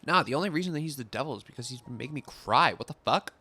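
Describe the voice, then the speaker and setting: Lively, bright-voiced young male streamer. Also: medium pitch, very fast, breathy edge. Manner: rambling and chatty, full of fillers; swears at the game. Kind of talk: casual chat while gaming.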